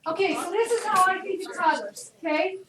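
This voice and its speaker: A woman's voice: extremely high pitch, fairly quick. Woman chemistry teacher, chatty classroom lecturer who quizzes students; distant mic with room echo. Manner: lively, chatty, asks the class questions. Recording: echoey room, distant, noisy.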